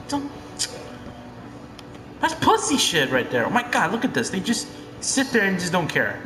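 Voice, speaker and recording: A young man giving casual gameplay commentary, excitable and profane, swinging between hushed muttering and loud yelling. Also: sits high, moderate pace, pauses often, echoey room. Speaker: gamer.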